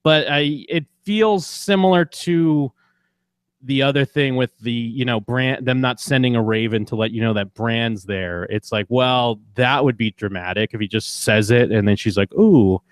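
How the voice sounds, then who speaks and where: Young male podcast co-host, casual and jokey, mid-pitched, dry close mic. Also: moderate pace, clean tone, no echo. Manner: loose, jokey, slips into mocking character voices. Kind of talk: casual chat.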